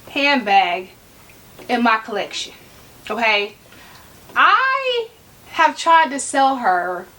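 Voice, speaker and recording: Sassy high-voiced woman vlogger. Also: a bit bright. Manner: sassy, joking, talks straight to viewers. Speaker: handbag collection vlogger. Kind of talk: casual talk to camera. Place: room at home.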